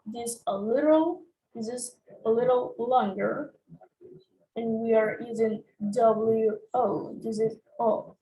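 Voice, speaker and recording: A woman's voice: a little high, darkish tone. A woman teaching English vowel sounds, naming each symbol and repeating every example word. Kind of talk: slow, deliberate pronunciation lesson. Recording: echoey room, voice off-mic.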